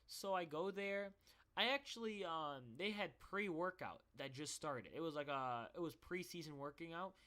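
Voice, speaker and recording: Young man, casual storytelling, rambling, swears freely, bright tense voice, slightly high. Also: moderate pace. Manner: rambling, swearing, many restarts. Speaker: vlogger.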